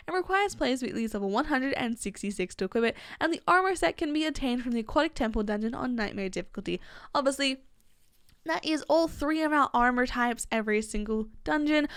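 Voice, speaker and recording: A woman's voice: on the high side, smooth, dry recording, clean studio sound. A young woman chatting casually as a gaming YouTuber, upbeat, filling her talk with "obviously" and "like", into a headset mic. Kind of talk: casual game walkthrough commentary.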